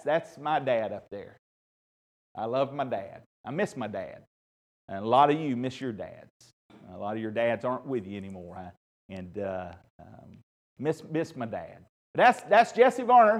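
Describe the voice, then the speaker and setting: A male pastor opening his sermon at a church service by telling dad jokes, laughing at his own punchlines and turning soft and tender when he speaks of his late father. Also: mid-range voice. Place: church service with a live congregation.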